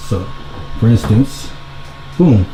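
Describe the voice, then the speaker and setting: A man giving a casual vlog tour of a rental house, keeping his voice hushed and low-key so he doesn't wake anyone. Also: animated, slow, a little hiss or hum. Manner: hushed, low-key, trying to stay quiet. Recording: roomy indoor sound with background music.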